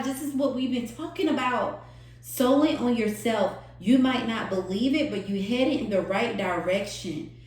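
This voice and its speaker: A woman's voice: lowish voice, darkish tone, echoey room, poor audio. A woman giving an emotional, earnest tarot reading to her viewers, repeating phrases for emphasis. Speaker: tarot reader.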